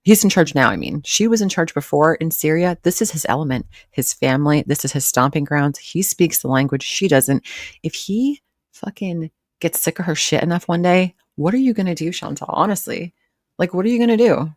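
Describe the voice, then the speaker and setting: A woman's voice: deep voice, expressive, fairly quick, no echo, studio quality. A woman hosting a live reaction stream, mocking and swearing as she comments. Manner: sarcastic, profane, mocking.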